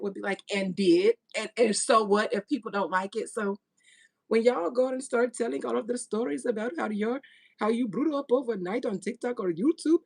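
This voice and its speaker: A woman's voice: fairly high pitch, creaky. Blunt, gossipy woman reader. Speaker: tarot reader. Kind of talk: casual monologue, spiritual reading.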